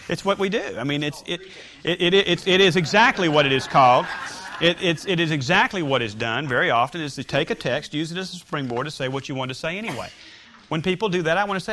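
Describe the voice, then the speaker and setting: A man's voice: a little high, lively intonation, fast talker, a bit bright. A man teaching a Sunday school Bible class, emphatic and joking with his students as they discuss scripture.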